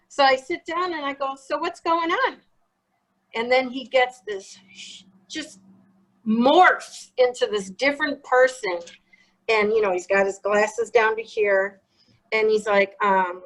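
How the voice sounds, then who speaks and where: A woman telling her own story in an interview, blunt and animated, swearing freely as she acts out what was said. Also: on the high side, rough recording. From Chicago. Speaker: guest.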